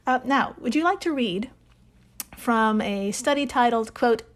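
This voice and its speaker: A woman's voice: a little high, a little slow. A woman co-hosting a casual podcast, giggling often as she talks. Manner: giggly, laughs often while reading. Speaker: podcast co-host.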